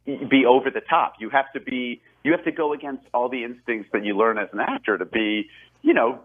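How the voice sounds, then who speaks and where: A man's voice: mid-range voice, animated, fairly quick, slightly rough. A man in his forties, a guest actor chatting in an interview, rambling and self-deprecating with lots of restarts and laughs. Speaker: actor and film director, guest. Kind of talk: casual interview over a phone line. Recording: tinny phone line.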